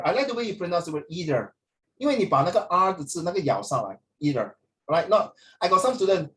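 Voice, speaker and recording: Middle-aged man, online teacher, playful and teasing, slightly high voice, video call sound. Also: very animated, fairly quick. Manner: playful, teasing, jumps between English and Mandarin. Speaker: English teacher.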